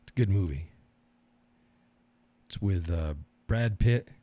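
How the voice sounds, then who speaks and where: Slow and warm, this low-voiced middle-aged man chats casually on his live stream, reading out viewer comments. He rambles, drops the occasional curse, and chuckles a lot.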